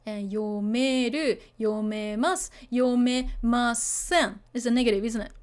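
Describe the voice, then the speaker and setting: A woman's voice: a little high, unhurried. A woman teaching a beginner Japanese lesson, chatty and full of fillers, often checking that the learners follow.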